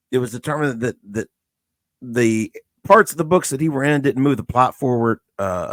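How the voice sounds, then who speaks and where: Male co-host, mid-pitched, easygoing and explanatory, dry recording. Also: dry recording. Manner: relaxed, loose explaining with fillers. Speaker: podcast co-host. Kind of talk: casual review chat.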